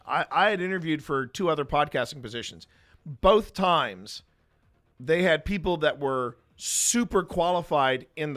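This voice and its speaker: A man hosting a show, telling a personal anecdote in a lively way, acting out what other people said and often repeating words as he restarts. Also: fairly high pitch. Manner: animated, acts out other people's lines. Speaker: host. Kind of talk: storytelling anecdote.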